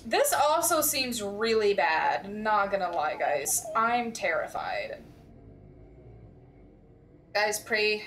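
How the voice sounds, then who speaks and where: A young woman streaming a horror game, reacting loudly with lots of swearing and jumpy outbursts. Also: medium pitch, sing-song, takes it slowly, long pauses, a little hiss or hum. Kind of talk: live game commentary.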